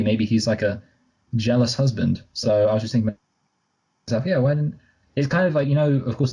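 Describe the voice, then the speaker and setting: Low, husky man rambling in casual chat. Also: mellow, low-quality recording. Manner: rambling, self-correcting, joking asides. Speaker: podcast co-host. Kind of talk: casual movie review chat.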